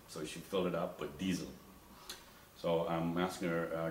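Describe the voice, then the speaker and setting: A man doing stand-up, rambling through stories with lots of fillers and quick impressions of others. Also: sits low, little pitch movement, roomy sound, distant mic, a little hiss or hum, low-quality recording. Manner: rambling with many fillers, mimics wife and officer. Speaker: stand-up comedian. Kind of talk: stand-up storytelling.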